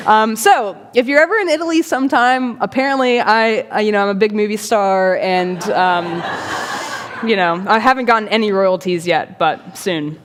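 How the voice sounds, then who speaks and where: Woman, priest, chatty storyteller, self-mocking humor, medium pitch, long hall reverb. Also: normal speed, a little hiss or hum. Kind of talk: storytelling talk at a church forum. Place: church forum room.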